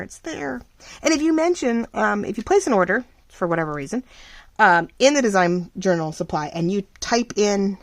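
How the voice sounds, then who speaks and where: A woman's voice: low voice, no room sound. Chatty woman crafting at home. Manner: chatty and rambling, many fillers, lively ups and downs. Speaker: craft vlogger and shop owner. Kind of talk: casual crafting chat.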